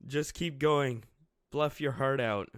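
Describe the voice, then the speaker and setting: A man putting on a masked samurai, firm and reassuring, voice raised and loud, crisp and dry. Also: medium pitch, slow, no room sound. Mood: stern.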